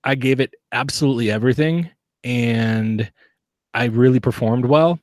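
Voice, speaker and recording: A man's voice: mid-range voice, normal speed, a little mellow, no echo, clean studio sound. A man talking as a guest on a casual podcast interview, earnest and reflective, often restarting his sentences. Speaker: guest, competitive shooter.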